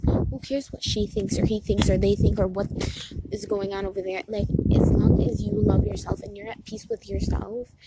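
A woman's voice: mid-range voice, heavy background noise. A young woman in a casual, encouraging tone, leading spoken affirmations and repeating each one for listeners, with many fillers like "like" and "you know". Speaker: host.

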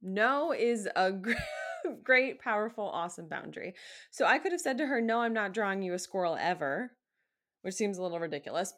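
A woman hosting a solo podcast, talking casually and emphatically as a coach and acting out the requests she quotes. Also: fairly low pitch.

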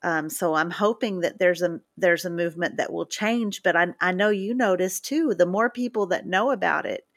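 On a casual podcast, a woman with a lowish voice talks at a moderate pace with hardly any pauses, animatedly telling stories and acting out what people said. The recording is dry, with clean studio sound.

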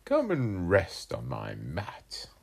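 A woman voicing a sly, scheming male house cat in a storybook read aloud to a child, drawing the words out slowly and coaxingly. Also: rumbling low, wildly swooping pitch, full character voice. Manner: slow, smooth and coaxing.

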